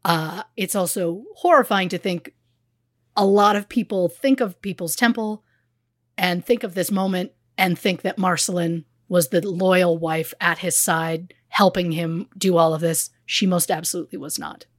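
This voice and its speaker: A woman co-hosts a podcast, recounting a true crime story in a blunt, conversational style with small fillers. Her lowish voice stays fairly even at a moderate pace, recorded in clean studio sound with no echo.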